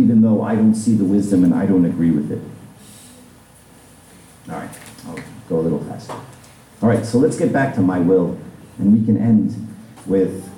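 Male pastor, low and very mellow voice, chatty sermon full of "right?" asides, picked up from a distance in a reverberant church. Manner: conversational preaching with frequent "right?" asides.

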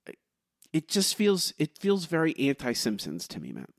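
A man co-hosting a podcast, talking in animated bursts with many halting restarts. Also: on the high side, gravelly, no echo, studio quality. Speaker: podcast co-host. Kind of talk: casual podcast discussion.

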